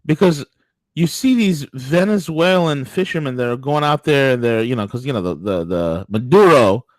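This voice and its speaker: A man's voice: medium pitch, animated, normal speed, dry recording, rough recording. Guy cohosting a political talk show, mocking crude storyteller, real dry close mic. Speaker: co-host.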